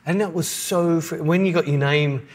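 A man's voice: fairly high pitch, moderate pace. A man in middle age talks over a podcast in an easy, conversational way. He tells stories with animation, dropping into little voices for the people he quotes. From Australia. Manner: animated storyteller, acts out quotes. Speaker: podcast co-host. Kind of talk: casual chat.

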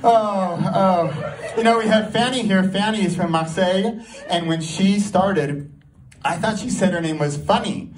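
A man's voice: high voice, normal speed. A man performing a rambling, self-mocking live stand-up set, laughing at his own jokes in front of an audience. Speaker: stand-up comedy student performing a first set. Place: small comedy venue with a live audience. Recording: distant mic with audience noise.

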